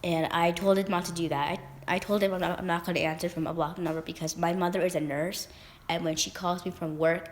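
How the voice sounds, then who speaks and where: A young woman vlogger rambling through a casual story, with lots of fillers and restarts. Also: fairly low pitch.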